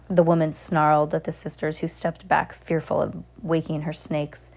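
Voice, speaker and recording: A woman narrating an audiobook in a steady reading voice with small restarts. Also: deep voice, normal speed, vocal fry.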